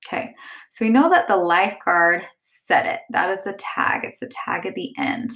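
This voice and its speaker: A woman's voice: medium pitch, expressive, moderate pace, fairly bright tone. A woman teacher explaining step by step and reading example sentences aloud. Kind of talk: classroom lesson.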